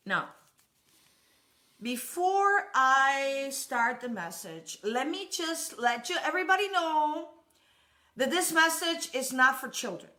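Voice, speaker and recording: A woman preacher opening a sermon in a halting way, repeating words and laughing often. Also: high-pitched, animated, pushed and bright. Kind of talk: sermon with a joke.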